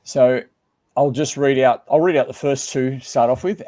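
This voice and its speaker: A man's voice: medium pitch, normal speed, dark tone. A man co-hosting a casual discussion of a book, talking conversationally and reading verses aloud. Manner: conversational, reads scripture aloud, frequent restarts. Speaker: co-host.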